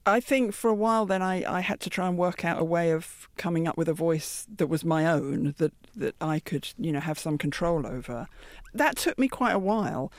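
A British woman in her fifties, a singer answering interview questions in a deep, thoughtful, soft-spoken way. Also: moderate pace, no echo, studio quality. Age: 50s. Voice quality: deep, gravelly. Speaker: guest singer.

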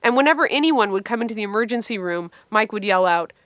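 A middle-aged woman comedian telling a wry, animated story from her life and answering interview questions. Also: mid-range voice, fast talker, few pauses, dry recording.

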